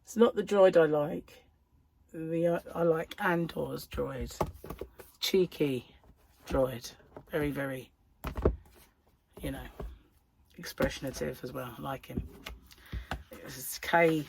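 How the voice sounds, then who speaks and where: A woman's voice: sits low, takes it slowly, vocal fry, pauses often, noisy background. A middle-aged woman, chatting casually and rambling as a crochet vlogger, full of giggly asides. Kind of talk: casual chat.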